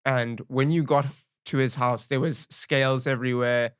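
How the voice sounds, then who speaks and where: A man's voice: medium pitch, steady tone, moderate pace, clean tone, no echo, clean studio sound. A man hosting a podcast, asking short follow-up questions to prompt the guest's stories. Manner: brief, prompting follow-ups. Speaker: podcast host. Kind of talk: interview questions.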